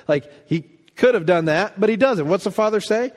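Animated male preacher in a reverberant hall. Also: high-pitched, fairly quick. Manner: animated storytelling, acting out quotes. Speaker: pastor. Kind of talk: sermon.

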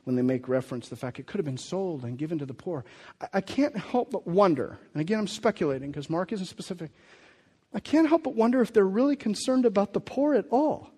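A man's voice: high voice, animated, quick pace, dark tone, husky. Man preaching in an echoing hall. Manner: conversational preaching with rhetorical questions and restarts. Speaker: pastor. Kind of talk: sermon.

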